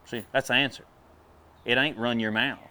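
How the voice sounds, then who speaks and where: A man preaching a sermon in a folksy, animated way, drawling and then breaking into sudden loud bursts. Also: mid-range voice, moderate pace.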